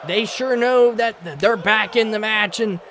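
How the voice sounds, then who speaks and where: A man calling a wrestling match play-by-play, energetic and often shouting. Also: sits high, measured pace, crowd noise, noisy background. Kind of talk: excited play-by-play commentary.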